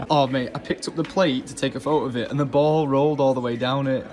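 A man vlogging casually from a hotel restaurant, excitable and jokey, swearing casually. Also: medium pitch, normal speed. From England. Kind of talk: casual vlog chat. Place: hotel restaurant high up a tower, indoors. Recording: music and crowd chatter behind.

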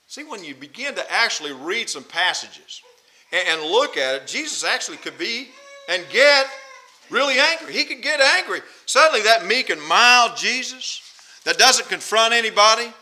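A man's voice: high-pitched, sharp tone, poor audio. A man preaching a sermon, emphatic and repetitive, who presses his points with rhetorical questions. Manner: emphatic, repeats phrases, asks rhetorical questions.

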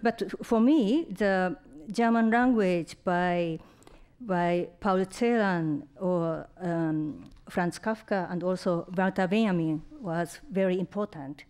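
Slow-spoken Japanese-accented woman writer. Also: on the low side, a little mellow, smooth. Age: 50s. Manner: slow, hesitant, searching for words. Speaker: author. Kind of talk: reading and answering questions.

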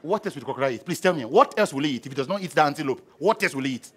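A middle-aged man preaching a sermon, animated and humorous, acting out scenes with sound effects. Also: a little high, racing, hardly any pauses, slightly rough. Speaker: pastor.

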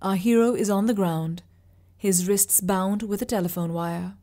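A woman narrating fiction with a steady, vivid delivery. Her voice sits at a middle pitch for a woman. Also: measured pace. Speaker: reader. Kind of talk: audiobook narration.

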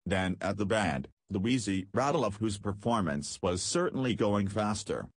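A man reading a story aloud as an audiobook narrator, with a measured storytelling delivery. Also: fairly low pitch, expressive, husky, no echo. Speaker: audiobook reader. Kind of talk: scripted narration.

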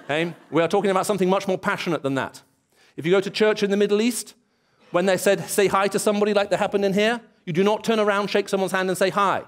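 A high, steady-toned male voice moves quickly through a sermon in an English church. The preacher narrates stories and dramatizes the dialogue, voicing the characters himself.

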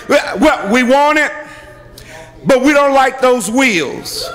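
A man preaching a sermon as bishop and pastor in a church, emphatic and repetitive, breaking into shouts. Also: extremely high pitch, expressive, slow. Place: church sanctuary. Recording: long hall reverb from a church.

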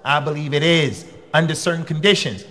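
A male preacher lecturing his congregation in a blunt, conversational way. His voice sits a little high for a man, and it leaps upward whenever he stresses a point. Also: fairly quick, pushed and bright. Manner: emphatic, with sudden rises in pitch. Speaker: preacher and khatib.

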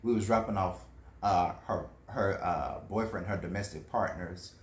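A man rambles on in a casual, emphatic monologue, full of fillers and asides. His voice sits a little low. The sound carries a noticeable room echo. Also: normal speed, slight background noise. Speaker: food vlogger. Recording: echoey room.

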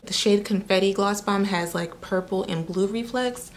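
A woman's voice: medium pitch, moderate pace, slight background noise. A young woman doing a casual, chatty makeup try-on review, with sassy asides. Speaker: beauty vlogger.

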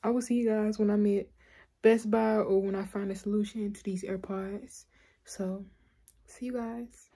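A woman's voice: mid-range voice, steady tone, moderate pace, mellow. A young woman in casual vlog chat, talking straight to her viewers in a chatty, filler-heavy way. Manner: chatty, addresses viewers directly, frequent fillers. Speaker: vlogger.

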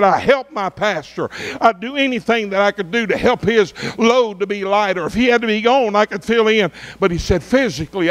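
Middle-aged pastor with a high voice, preaching a revival in drawn-out emphatic phrases. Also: male voice. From Arkansas. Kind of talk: revival sermon.

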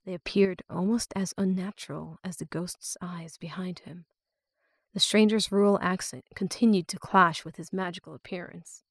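A woman reading a fantasy novel aloud as an audiobook narrator, measured and hushed in tense moments. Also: fairly low pitch, steady tone, no echo. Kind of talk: scripted narration.

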